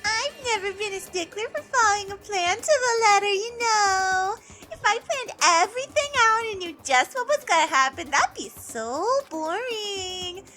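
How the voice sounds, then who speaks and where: A woman doing a shrill, mood-swinging girl villain. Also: animated, normal speed, pushed and bright, soft background music, exaggerated voice. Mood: cutesy. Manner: switches between bored, cutesy and mopey sad tones. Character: unstable teen girl mastermind, bored then cutesy then gloomy. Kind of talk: fan voice-acting over a game.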